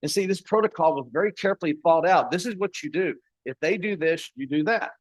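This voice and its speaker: A folksy older man tells stories at a conference, slipping into the voices of the people in them. His voice sits a little high for a man. The sound is dry and close, with no room echo. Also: animated, fast talker. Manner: folksy, acts out dialogue in his story. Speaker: paramedic educator. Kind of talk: conference talk with storytelling.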